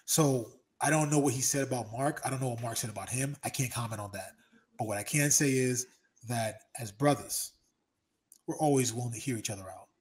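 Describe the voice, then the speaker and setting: A man's voice: medium pitch, fairly quick. A man talking as an interview guest, telling stories emphatically and repeating himself for effect. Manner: emphatic, animated storytelling with repeated phrases. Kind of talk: casual interview talk.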